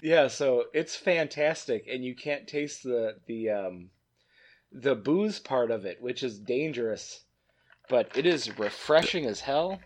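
A tipsy man co-hosting a podcast, slurring a little and pausing to search for words in casual chat. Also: mid-range voice, expressive. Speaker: podcast co-host.

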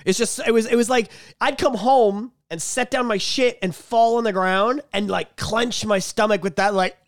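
High-voiced profane man chatting on a podcast. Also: moderate pace, no room sound. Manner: profane, animated, laughs often. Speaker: podcast co-host. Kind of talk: casual podcast chat.

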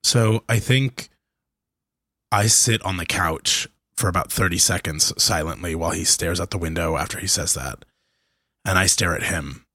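A man playing a tabletop game who describes his moves haltingly, with many fillers. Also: deep voice, pushed and bright, no echo, clean studio sound. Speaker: player.

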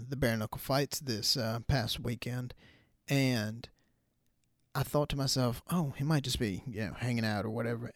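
A man of middle pitch rants through a solo podcast in a loose, profane, rambling way, full of ums and restarts. The sound is dry and close, with no room around his voice. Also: creaky, no echo. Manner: loose, profane, chatty with many fillers. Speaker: podcast host. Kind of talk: casual solo podcast rant.

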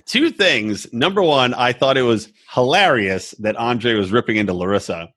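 Husky guy on a podcast, lively voice jumping around, swears a lot, laughs a lot. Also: mid-range voice, moderate pace. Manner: animated, swearing, laughing often. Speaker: podcast co-host. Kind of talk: casual crude chat.

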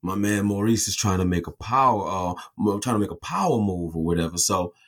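A man co-hosting a casual comic review, talking in an animated, profane way and acting out scenes with put-on voices. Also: sits low, brisk. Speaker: podcast co-host reviewing a comic. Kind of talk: casual chat.

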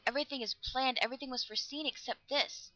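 Woman playing tender sorrowful maiden from a storybook, soft and clear. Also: sits high, fast talker, pitched above the performer's own voice, poor audio. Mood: fearful. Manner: soft, tender, at times whispered.

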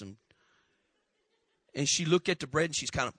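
A pastor preaching a sermon, telling folksy stories and calling on the congregation to answer back. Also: male voice, a little high, animated, normal speed, a bit bright, no echo.

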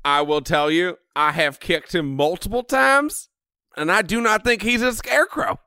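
A man playing in a tabletop game, animated and joking, with frequent profanity. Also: high-pitched, moderate pace, smooth. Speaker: player. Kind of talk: in-character tabletop play.

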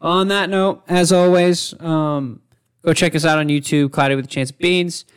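A podcast host in casual chat, unhurried and self-mocking. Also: mid-range voice, steady tone, smooth.

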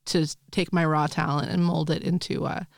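A woman's voice: low voice, little pitch movement, normal speed, gravelly, no echo, studio quality. A woman co-hosting a podcast, chatting casually about a book, laughing often and acting out quotes. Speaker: podcast co-host.

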